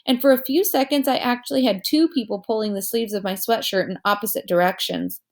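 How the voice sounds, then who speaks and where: A woman reading a children's novel aloud as narrator, telling it in a lively way and giving each character a voice. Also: on the high side, a little fast.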